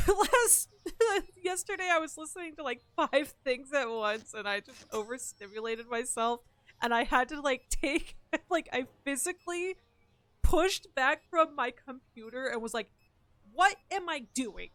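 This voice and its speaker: A woman streamer, sick and stuffed up, talks in a nasal voice that sits a little high. She chats loosely with her viewers as she plays, wandering from thought to thought and dropping the odd curse. Faint game music plays quietly behind her. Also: no room sound. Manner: chatty, rambling, swears casually. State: sick and congested. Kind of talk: casual chat with viewers while gaming.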